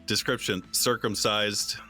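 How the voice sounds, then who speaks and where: A man's voice: fairly low pitch, steady tone, unhurried, sharp tone, soft background music. A man playing in a tabletop game, making up his character in loose, joking voice chat. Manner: joking, giggly. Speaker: player. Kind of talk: casual voice-chat banter.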